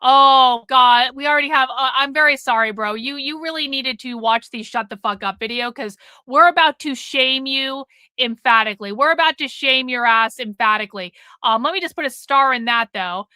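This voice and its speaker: A high, bright-voiced woman hosts a live stream, talking casually and bluntly to her chat with plenty of swearing. Her voice sits close and dry, with no room sound around it. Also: fairly quick, no echo. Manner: profane, blunt, nags the chat.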